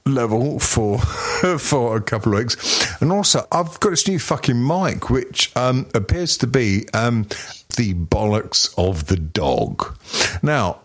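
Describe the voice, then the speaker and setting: Animated and slow, with a mid-range voice, a middle-aged podcast co-host chats casually. He rambles, makes fun of himself, and swears freely.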